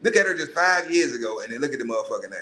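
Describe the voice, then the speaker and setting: A man hosting a podcast, ranting in a profane, animated way and putting on mocking voices. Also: medium pitch, rapid-fire, low-quality recording. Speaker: podcast host. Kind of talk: casual monologue.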